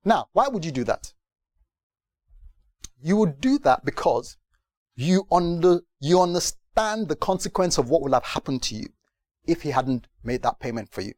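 A man preaching a sermon to a gathering, animated, moving from hushed tones to loud emphatic questions. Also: a little high, moderate pace, pauses often, dry recording, clean studio sound. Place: church gathering.

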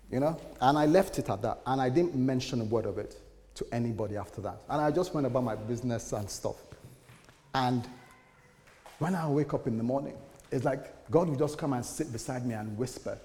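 A man preaching as a pastor, telling a personal story with lively acted quotes. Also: medium pitch, moderate pace, a little hiss or hum. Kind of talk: sermon. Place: church. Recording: church hall reverb, faint ambience.

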